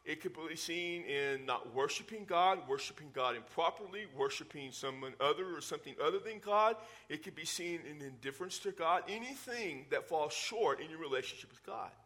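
Bright-voiced preacher teaching. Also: male voice, a little high. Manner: explanatory teaching preacher with conversational asides. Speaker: pastor. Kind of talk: sermon.

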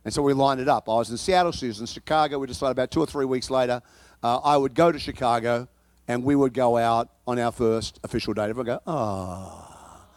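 A male pastor preaching a sermon, telling a personal story in an animated, comic way and often repeating and restarting his words. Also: mid-range voice, fast talker, no room sound.

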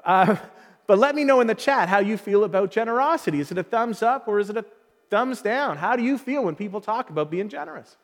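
A man's voice: high voice, expressive, fairly quick, in a large hall. A man preaching a sermon as pastor, earnest and growing emphatic as he presses his point. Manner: earnest, building to emphatic calls. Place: church hall.

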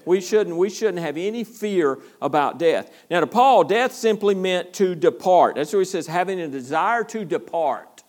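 A man preaching a sermon as pastor, animated, repeating himself and restarting phrases for emphasis. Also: high voice, moderate pace, hardly any pauses.

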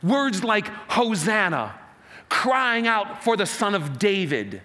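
High-voiced guy preaching, keyed up, firing up the congregation to shout back. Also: takes it slowly. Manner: animated, leading the congregation in call-and-response. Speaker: pastor. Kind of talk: sermon.

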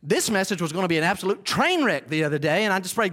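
A male pastor preaching a sermon to a congregation, reading scripture slowly and with emphasis. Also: sits high, sing-song, bright, forceful tone. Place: church before a live congregation.

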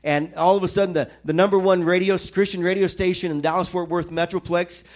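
A man's voice: high voice, steady tone, fast. A man preaching a sermon, telling a personal testimony in a storytelling way with self-mocking asides, from Missouri. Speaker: pastor.

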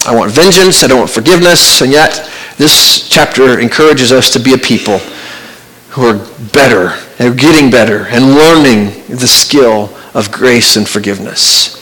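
A man preaching a sermon as pastor, earnest and conversational, with pauses and restarts. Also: medium pitch, pushed and bright, low-quality recording.

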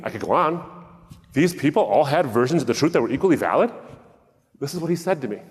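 In a talk that sounds like a sermon, a man with a medium-pitched voice acts out both sides of a conversation, animated and wryly humorous. The long reverb of a large hall follows his voice.

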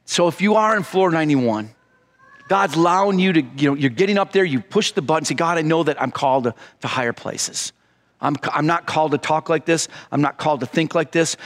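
A man's voice: on the high side, a bit bright. A man preaching a sermon, earnest and fervent, pleading in prayer and reading scripture aloud. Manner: reads scripture aloud in a steadier tone. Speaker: pastor.

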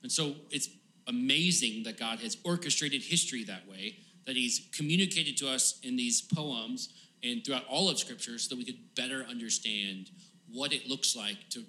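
Guy preaching a sermon, bright voice, lots of uh and like, gets pleading and emphatic. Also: medium pitch. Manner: casual, halting delivery with many fillers and restarts; grows pleading and emphatic when paraphrasing the psalm. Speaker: pastor.

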